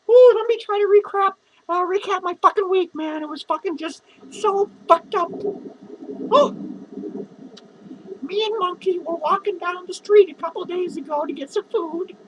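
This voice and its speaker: Squeaky-voiced drunk clown, male, self-pitying and foul-mouthed, slurred comic rant. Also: measured pace, long pauses, background noise. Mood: drunk rambling. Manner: slurred, rambling, profane, giggling. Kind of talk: comedic character monologue.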